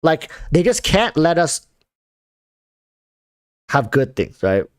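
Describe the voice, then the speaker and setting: A man's voice: on the high side, big pitch swings, takes it slowly, clean tone, no echo, studio quality. A man chatting casually on a livestream, rambling with lots of fillers and restarts, reading viewer comments. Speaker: streamer.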